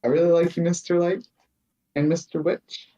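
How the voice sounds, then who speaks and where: A player speaking calmly in character, a little halting. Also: medium pitch, dull audio. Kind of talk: tabletop game play.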